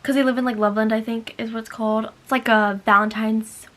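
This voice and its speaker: A young woman chatting excitedly as a book vlogger, bubbly and full of "like". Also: on the high side, quick pace. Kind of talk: casual chat.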